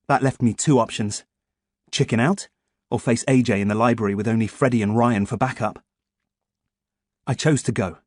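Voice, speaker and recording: A man reading an audiobook as first-person scripted narration, in a lively, expressive way. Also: medium pitch, no room sound, studio quality.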